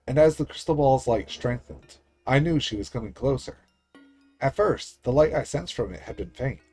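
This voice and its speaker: A man's voice: mid-range voice, husky. A man streaming himself reading a visual novel aloud, narrating in first person. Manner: steady storytelling read-aloud.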